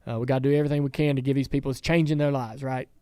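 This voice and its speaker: Smooth-voiced man chatting in a studio. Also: medium pitch, steady tone, rapid-fire, darkish tone, no room sound. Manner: rambling storyteller with many restarts. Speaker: podcast host and team owner. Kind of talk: casual chat.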